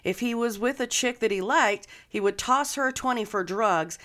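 A woman's voice: fairly high pitch, moderate pace, a bit bright. A woman co-hosting a podcast, telling a true-crime story in a casual, profane, joking way. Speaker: podcast co-host.

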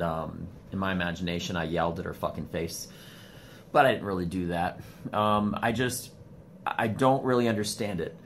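Man, low-ish voice, swears freely, rambles and spikes up when worked up, filming himself on a phone at home with a faint hum behind. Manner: profane, rambling, animated swings in pitch. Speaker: vlogger. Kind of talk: casual ranting monologue. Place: home studio room, indoors. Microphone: phone camera.

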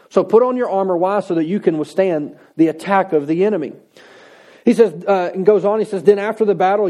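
A man's voice: high-pitched, dark tone. A man preaching a sermon in an emphatic, conversational way, repeating key lines for stress. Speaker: pastor.

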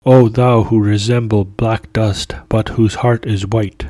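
A tender, pleading cook in a storybook reading, speaking in archaic courtly phrases, as a man reads him out. The voice sits a little low and is recorded dry and close. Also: fairly even intonation, unhurried, warm tone, dry recording. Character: tearful middle-aged male cook, adoring.

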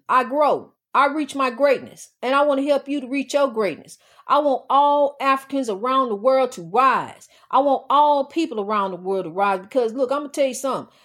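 A middle-aged woman hosting her own podcast, talking in an emphatic, preachy, repetitive way about growth and the spirit world. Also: sits high. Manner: emphatic, preachy, repeats itself. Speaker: podcast host. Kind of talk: casual spiritual talk.

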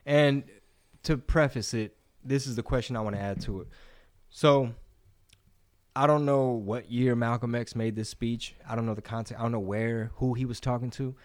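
A man talking on a podcast in a loose, animated way, dropping slang and swearing freely. His voice sits at an ordinary middle pitch for a man, and he talks casually with his co-host. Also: moderate pace. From Texas.

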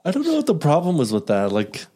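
A man's voice: fairly high pitch, huge pitch swings, quick pace, dark tone. Man cracking dry jokes in casual chat. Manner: dry wisecracking interjections. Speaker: podcast co-host.

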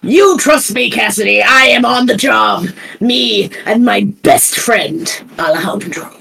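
Pompous self-important male newsman, voiced by a woman in a tabletop game, slow and gravelly. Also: on the high side, a bit bright, exaggerated voice, poor audio. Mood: excited. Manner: grandiose, theatrical, self-important. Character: pompous, boastful male investigative reporter. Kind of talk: tabletop role-play.

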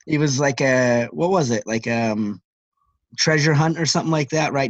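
Man, middle-aged, podcast co-host, animated storytelling, fillers, dry dull lo-fi mic. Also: medium pitch, no room sound. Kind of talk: casual podcast chat.

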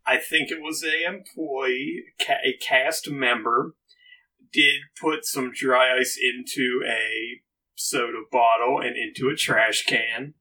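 A man's voice: medium pitch, steady tone, slow pace, bright, forceful tone, far from the mic, rough recording. A man co-hosting a podcast, chatting in a laid-back, hesitant way with dry humor. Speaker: podcast co-host. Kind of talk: casual comedic chat.

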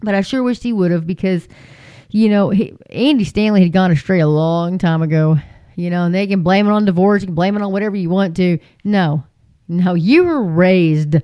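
A woman's voice: fairly low pitch, normal speed, clear, resonant tone, no echo, muffled recording. A woman giving impassioned religious commentary, emphatic and repetitive, with frequent fillers. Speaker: Christian commentator.

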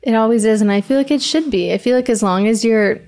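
A woman's voice: a little high, fast, a little mellow. A young woman hosting a casual podcast chat, reflecting supportively and affirming her guest.

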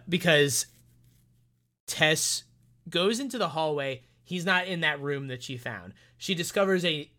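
A man co-hosting a film review podcast, retelling the plot in a rambling, animated way with many restarts and fillers. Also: fairly high pitch. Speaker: podcast co-host. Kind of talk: casual film review chat.

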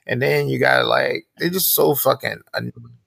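Guy cohosting, gravelly voice, cussing storyteller doing little impressions. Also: medium pitch, normal speed, fairly bright tone, dry recording. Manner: profane storyteller, acts out quoted voices. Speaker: podcast co-host. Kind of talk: casual chat.

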